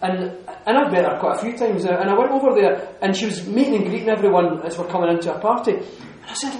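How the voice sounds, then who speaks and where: A man telling a lively story to an audience, laughing often and restarting his sentences. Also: high voice, fast talker, few pauses, a faint crowd. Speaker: speaker giving a talk. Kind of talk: lively anecdotal talk to an audience. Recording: echoey hall.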